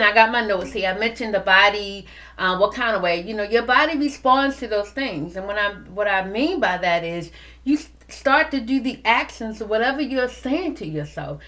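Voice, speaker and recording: A woman hosting a podcast, giving an animated motivational talk to her listeners. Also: a little high. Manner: animated, preachy, addresses listeners as y'all. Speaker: podcast host.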